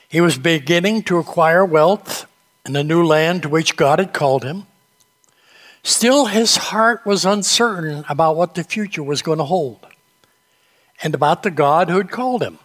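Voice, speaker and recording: A male pastor delivers a sermon in a church, easing his listeners in with light, humorous anecdotes. He takes his time over every phrase, and his voice sits a little high for a man. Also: in a large hall. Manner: unhurried storytelling, gentle humor. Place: church sanctuary.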